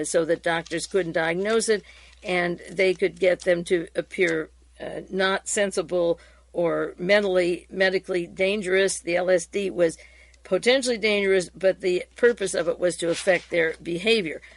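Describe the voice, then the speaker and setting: A woman radio host reading hearing transcripts aloud and commenting, in a steady reading voice with occasional fillers and restarts. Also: on the low side, moderate pace.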